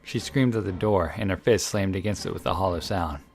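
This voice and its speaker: A man reading a visual novel aloud in a measured, dramatic narration, with occasional slips. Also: low voice, vocal fry, a little hiss or hum. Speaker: game reader.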